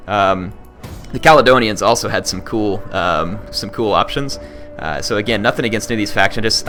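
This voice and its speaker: A man's voice: fairly low pitch, bright, forceful tone. A man talking casually to his viewers as a gaming video host, earnest and rambling with frequent restarts. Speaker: gaming YouTuber.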